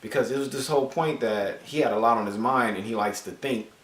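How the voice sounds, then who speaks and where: A man casually reviewing a comic book, animated and joking with frequent swearing. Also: medium pitch, fairly quick, far from the mic. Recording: roomy echo, voice off-mic.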